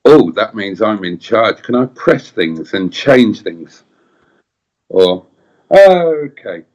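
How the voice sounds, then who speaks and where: A man's voice: fairly low pitch, very animated, takes it slowly, a little mellow. Man, Welsh accent, middle-aged, wry and playful live-stream co-host, muffled lo-fi audio. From Wales. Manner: wry, playful, reads out viewer comments. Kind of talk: casual live-stream chat. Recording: dull lo-fi sound.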